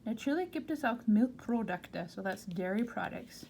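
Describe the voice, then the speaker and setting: A woman's voice: on the high side, animated, normal speed, vocal fry, a little mellow. An American woman teaching German, reading German from a textbook aloud and explaining each word plainly in English. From United States. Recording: faint background noise.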